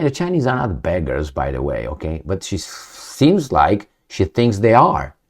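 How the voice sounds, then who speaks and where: Lively low-voiced man ranting sardonically. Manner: sardonic, lecturing, with mocking asides and rhetorical questions. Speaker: political commentary host. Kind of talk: casual opinion monologue.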